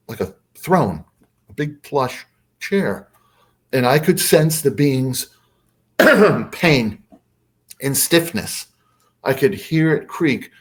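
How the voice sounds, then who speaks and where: A man's voice: mid-range voice, slightly rough. A man who is a podcast guest, telling a story casually and hesitantly, with many fillers.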